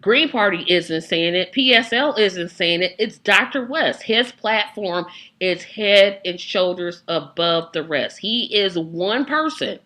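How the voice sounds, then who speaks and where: A woman hosting a casual political chat, animated and acting out the reactions she quotes. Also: medium pitch, takes it slowly, hardly any pauses. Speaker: host.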